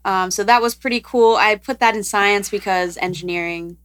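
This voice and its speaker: A woman's voice: medium pitch, normal speed, fairly bright tone. A young woman co-hosting a podcast in casual chat, giggly and full of filler words. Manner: chatty, giggly, lots of "like" and "um". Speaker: podcast co-host.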